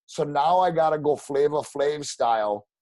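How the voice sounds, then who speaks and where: Animated rambling male storyteller. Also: a little high, normal speed, no echo. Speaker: podcast guest, real estate agent. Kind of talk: casual storytelling interview.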